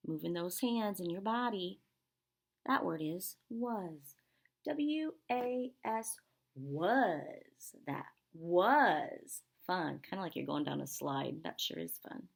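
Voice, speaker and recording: A woman teaching kindergarten sight words, slow, patient and encouraging, drawing out spelled letters in a sing-song way. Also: fairly low pitch, creaky.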